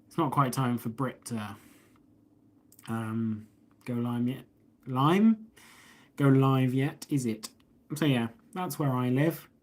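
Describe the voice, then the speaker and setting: A man with an English accent hosting a casual live stream, rambling as he reads viewer comments aloud and answers them, talking into a phone he holds up. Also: mid-range voice. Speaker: host of a live stream about watches. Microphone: phone held up.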